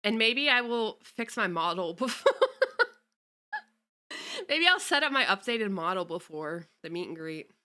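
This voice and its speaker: A woman's voice: mid-range voice, sing-song, measured pace, long pauses, pushed and bright. A young woman streamer chatting casually with her viewers, greeting them and cursing offhandedly. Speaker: VTuber streamer. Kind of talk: casual livestream chat.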